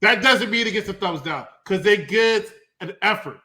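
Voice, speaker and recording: A man's voice: sits high, animated, normal speed. A man hosting a movie review show, casually and rowdily joking while retelling scenes. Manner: rowdy, joking, loud comic retellings.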